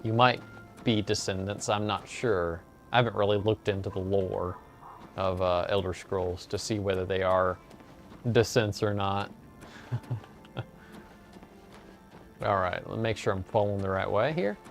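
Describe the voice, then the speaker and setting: Man, lowish voice, laid-back let's play host, light joking, faint game music behind. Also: unhurried, creaky, pauses often. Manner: relaxed, joking, with frequent filler "uh". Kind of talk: casual gameplay commentary.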